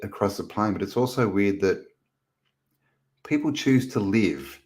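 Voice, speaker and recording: Deep-voiced man chatting to viewers. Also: lively intonation, measured pace, darkish tone. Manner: rambling, joking, reads viewer comments aloud. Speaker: livestream host. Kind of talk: casual live-stream chat.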